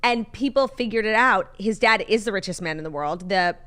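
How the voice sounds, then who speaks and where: A young woman co-hosting a podcast tells gossipy stories in casual chat, speaking a little fast in a medium-pitched voice with a clear, resonant tone. Her storytelling is animated and packed with "like"s.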